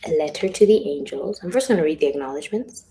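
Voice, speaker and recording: Low, gravelly woman chatting on a livestream. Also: animated, fast talker, slight background noise, rough recording. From South Africa. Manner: chatty, drops into hushed whispers. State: has a headache. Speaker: author on a livestream. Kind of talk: casual livestream chat. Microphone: phone or webcam livestream.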